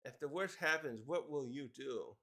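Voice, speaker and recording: A man voicing an eccentric old man who loves watching mayhem, in a relaxed drawl. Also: mid-range voice, moderate pace. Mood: amused.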